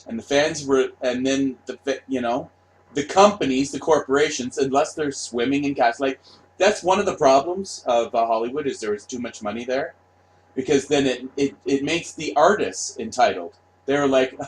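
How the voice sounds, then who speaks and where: A middle-aged man hosting his own channel, delivering a profane, mocking rant with shouted outbursts. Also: mid-range voice, moderate pace, slight background noise. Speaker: commentary channel host. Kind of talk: ranting monologue.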